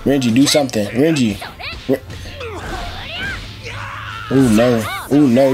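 A young man giving excited, trash-talking commentary as he plays a fighting game. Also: medium pitch, normal speed, pauses often. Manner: excitable trash talk, shouting at the screen. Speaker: gaming channel host. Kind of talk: live gameplay commentary. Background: game music.

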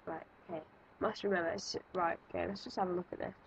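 A woman's voice: on the low side, steady tone, quick pace, creaky, highs cut off, noisy background. A woman giving nervous, jumpy let's-play commentary, thinking aloud and exclaiming as she plays. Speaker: gaming video creator.

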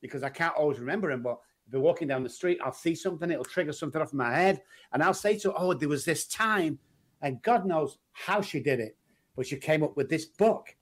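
Lively Mancunian man telling stories. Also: a little high, fast talker. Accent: Manchester English. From England. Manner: animated storyteller, acts out quoted voices. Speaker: guest. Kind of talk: casual interview chat.

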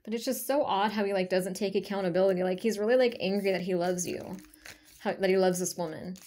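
A woman talking straight to her viewers in a loose, unscripted energy reading, at a mid pitch for a woman. She rambles, restarts her sentences and fills them with fillers. She speaks bluntly and swears freely. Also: fast talker, warm tone. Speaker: spiritual energy reader. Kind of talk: casual spoken reading to camera.

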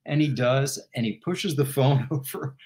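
A man who is a guest and former football team executive, telling an anecdote in an animated way and laughing as he goes. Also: medium pitch, a little slow. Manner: animated, laughing while he tells it. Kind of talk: storytelling anecdote in interview.

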